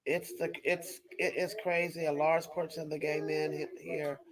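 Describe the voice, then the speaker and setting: Reading messages from her livestream chat, a mother of young children delivers an impassioned rant in a low-pitched, fairly flat voice at a moderate pace. She's emphatic and repetitive, breaking off and restarting sentences, and the recording is rough.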